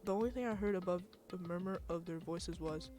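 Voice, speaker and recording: Expressive woman streamer reading game text. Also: lowish voice, fairly quick, faint music behind. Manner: expressive, dramatic reactions.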